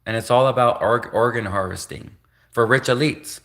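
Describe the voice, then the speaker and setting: A man hosting a live stream in a bright, forceful voice. He rambles and repeats himself in a conspiratorial tone. He keeps cutting himself off mid-sentence to correct himself. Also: medium pitch, moderate pace. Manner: rambling, repetitive, conspiratorial, self-interrupting. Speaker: livestream host.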